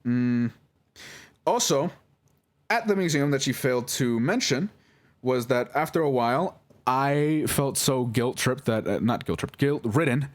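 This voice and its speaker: A young man telling his side of a story in a halting, emotional monologue, swearing and correcting himself as he goes. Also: medium pitch, expressive. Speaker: vlogger responding to accusations.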